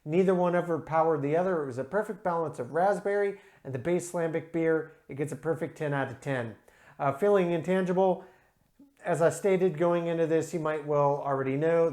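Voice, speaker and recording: Beer review host, casual, enthusiastic, methodical, filler-heavy, mid pitch. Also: a little mellow. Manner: enthusiastic, methodical, scores each category aloud; frequent "uh" and "um" fillers. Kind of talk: casual review talk to camera.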